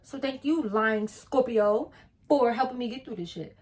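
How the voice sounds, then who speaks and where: Blunt, animated young woman telling a story. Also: a little high, normal speed. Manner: animated, blunt and profane, emphatic. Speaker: vlogger. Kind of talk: casual storytime.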